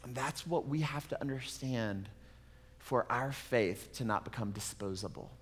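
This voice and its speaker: A man's voice: medium pitch, a little slow, husky, long reverb tail. A male pastor preaching a sermon in a conversational way, with casual asides.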